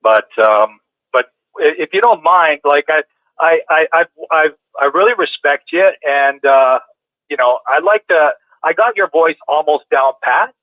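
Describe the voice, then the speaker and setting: A man's voice: on the high side, animated, a little slow, no room sound. A man calling in to a talk show, chatting casually and rambling with many restarts. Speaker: caller. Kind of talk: casual call-in chat. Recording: tinny phone line.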